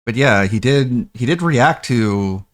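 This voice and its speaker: A man's voice: mid-range voice, animated, slow, dry recording, studio quality. A man streaming live, reacting to videos with mocking, scornful commentary and laughter.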